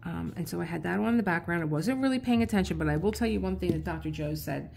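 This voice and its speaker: Low gravelly middle-aged woman chatting. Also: fast talker, darkish tone, faint music behind. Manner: rambling, chatty storytelling with small laughs. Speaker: artist and channel host. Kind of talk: casual chat while working on a craft project.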